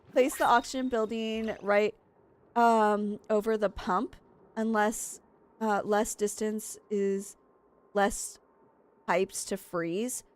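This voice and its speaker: A young woman streaming a game, frantic and excitable, laughing at her own stress. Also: mid-range voice. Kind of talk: gameplay commentary.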